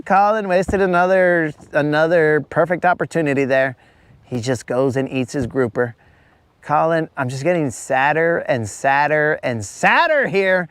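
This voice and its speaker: A man's voice: on the high side, takes it slowly, a bit bright, clear, resonant tone. A man hosting a live fishing stream, rambling and teasing his viewers in casual chat. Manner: rambling, teasing, talks to viewers as bro and guys. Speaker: fishing livestream host.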